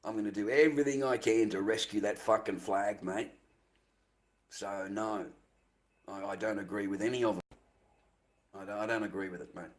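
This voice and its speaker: A man's voice: on the low side, normal speed, long pauses. Swearing Australian man ranting on stream. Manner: heated, swears constantly, repeats himself. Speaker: live streamer. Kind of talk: angry profane rant.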